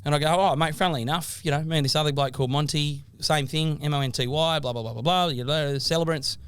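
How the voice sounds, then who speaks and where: An Australian man in his thirties co-hosting a podcast, telling stories with animated energy and mock sternness. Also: fairly high pitch, fast, clear, resonant tone, no room sound. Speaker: podcast co-host. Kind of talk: casual banter.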